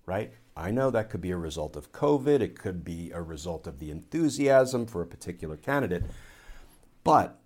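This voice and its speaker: A man with a lowish voice talks straight to his audience in a solo political commentary. He builds his case piece by piece in an explanatory tone, leaning on rhetorical questions. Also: a little mellow. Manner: explanatory, builds an argument step by step. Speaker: political commentator, former Army lawyer.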